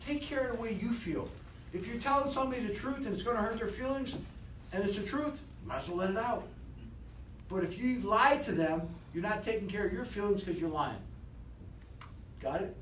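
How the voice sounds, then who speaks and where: A man leading a live motivational sales seminar, animated and rousing, constantly quizzing his audience, recorded from a distance in an echoey training room. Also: sits high, brisk. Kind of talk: live seminar talk to a class. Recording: echoey room, distant mic, faint hiss.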